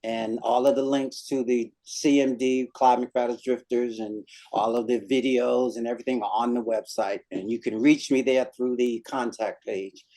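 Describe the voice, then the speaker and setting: A man's voice: medium pitch, moderate pace, few pauses. A man in his mid-range voice, talking as a guest on an interview show. He tells stories with lots of energy and laughs easily between them. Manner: laughing often, telling animated anecdotes. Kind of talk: casual interview chat.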